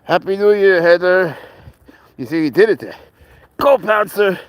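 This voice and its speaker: A young man from Spain speaks to his cat outside in a high-pitched, lively, unhurried voice, encouraging it playfully while he films it. The recording is dry, and his talk is relaxed and pet-directed.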